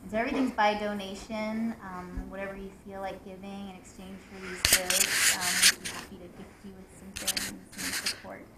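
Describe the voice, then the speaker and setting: A woman making a relaxed, rambling announcement to an audience at a live gathering. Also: mid-range voice, normal speed, few pauses. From United States. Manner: relaxed, rambling, many fillers. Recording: echoey room with clear room noise.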